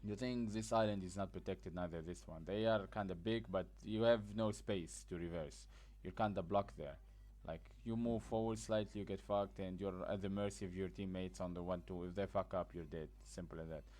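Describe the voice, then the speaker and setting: Sleepy low-voiced man explaining a game. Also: steady tone, normal speed, few pauses, a little mellow. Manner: blunt, rambling, frequent fillers. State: sleepy, just woke up. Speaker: gaming guide creator. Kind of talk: casual gameplay tutorial commentary.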